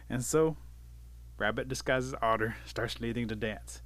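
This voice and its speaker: Male folk-tale teller, relaxed, bright tone. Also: dry recording. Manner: relaxed, unhurried telling with lively pitch. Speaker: storyteller. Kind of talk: oral folk-tale narration.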